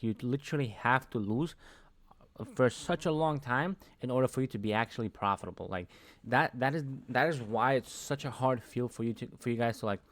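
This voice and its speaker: A man's voice: lowish voice, no room sound. A man giving a casual talking-head lesson on trading, speaking conversationally and tagging his sentences with "right?". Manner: conversational, keeps adding "right?" tags. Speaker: trading educator.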